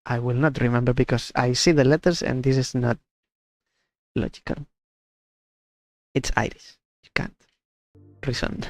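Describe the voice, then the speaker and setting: A man's voice: medium pitch, steady tone, measured pace, long pauses, darkish tone, no room sound. A man streaming a horror game, musing aloud and fumbling over how to pronounce names. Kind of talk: let's play commentary and dialogue reading.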